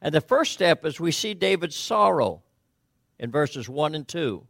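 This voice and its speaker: A man's voice: fairly high pitch, lively intonation, a little slow, creaky, fairly bright tone, dry recording, clean studio sound. A man preaching a conversational sermon, talking with frequent restarts and rhetorical questions. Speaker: pastor.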